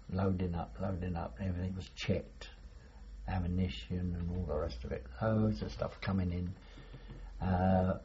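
A warm, low-pitched male voice belongs to an older veteran reminiscing about wartime in an oral history interview. He meanders and hesitates, chuckling at what he recalls, over a dull lo-fi recording with slight hiss or hum.

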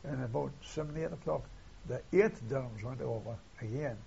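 Gravelly old man recalling wartime. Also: medium pitch, normal speed, warm tone, slight background noise. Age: older. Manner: rambling, tags "see?" and retells dialogue. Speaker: war veteran interviewee. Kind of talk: oral history interview. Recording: dull lo-fi archive tape.

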